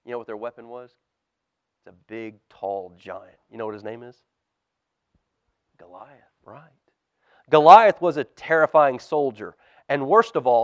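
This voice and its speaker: A man, a pastor, reading a storybook aloud to children at a church service, animated and dropping to a hush for suspense. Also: medium pitch, normal speed, no room sound, clean studio sound.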